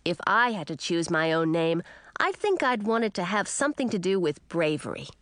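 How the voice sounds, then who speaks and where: A woman's voice: on the low side, big pitch swings, moderate pace, fairly bright tone, no room sound, clean studio sound. A woman voicing Edric, a boy turned frog, speaking eagerly in a storybook reading.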